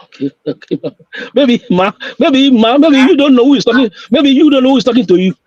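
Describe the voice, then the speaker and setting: A man's voice: very high-pitched, animated, brisk, darkish tone, dry recording, lo-fi sound. A man calling in to a live talk show, insistent and repetitive, often stumbling over his words. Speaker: caller. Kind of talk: call-in chat on a live show.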